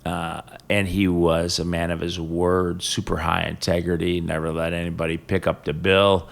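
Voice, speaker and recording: Older male guest, deep and gravelly, warm anecdotal storyteller. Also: level tone. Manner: storytelling, reflective, halting with fillers. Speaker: guest, business executive. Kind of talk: casual interview conversation.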